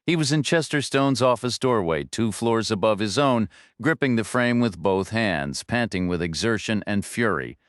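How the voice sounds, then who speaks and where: A man narrating a thriller audiobook in a measured, even storytelling manner. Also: fairly low pitch, no echo, clean studio sound.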